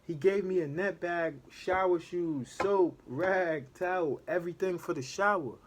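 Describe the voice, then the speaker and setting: A man casually telling a story from his time in prison in a relaxed street manner, checking in with "know what I'm saying" again and again. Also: high voice, unhurried. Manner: laid-back street talk, keeps asking "know what I'm saying".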